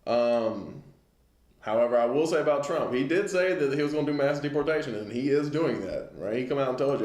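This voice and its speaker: A man's voice: medium pitch, fast talker, darkish tone, roomy sound. A man giving a casual lesson on the news, talking it through conversationally and often checking in with listeners. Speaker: Bible class teacher.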